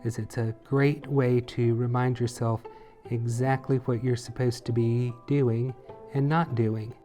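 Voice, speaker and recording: A man teaching a painting lesson in a relaxed tutorial, chatty and playful as he talks while he works. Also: medium pitch, measured pace, faint music behind. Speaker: painting instructor.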